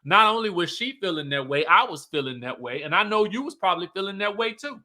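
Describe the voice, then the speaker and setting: A man's voice: sits high, very animated, fast, sharp tone. A man giving a casual, sassy reality-TV recap, laughing often and quoting the cast. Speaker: show recap commentator.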